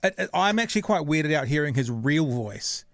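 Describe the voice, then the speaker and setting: A man's voice: on the high side, big pitch swings, moderate pace, no echo, studio quality. A man hosting a podcast in casual chat, rambling and searching for words. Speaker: podcast host.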